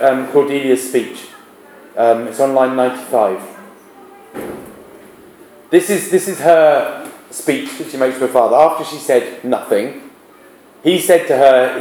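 A man's voice: medium pitch, a little mellow, roomy sound, slight background noise, poor audio. A male literature teacher giving a classroom lesson, often restarting his sentences. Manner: halting, with many restarts and fillers.

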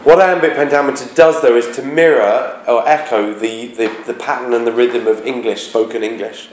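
A man teaching a class, talking haltingly, searching aloud for words and chanting rhythms to show them. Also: mid-range voice, fairly even intonation, a little hiss or hum. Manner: demonstrates rhythms by chanting beats. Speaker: English teacher. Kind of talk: classroom explanation of a play. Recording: roomy, echoey classroom.

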